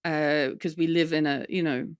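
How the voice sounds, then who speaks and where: A woman's voice: low voice, moderate pace, clear, resonant tone, dry recording, clean studio sound. A woman, a comedian guest telling stories in a candid podcast conversation, often slipping into impressions of others. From Australia. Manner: lively storytelling, slips into impressions of others.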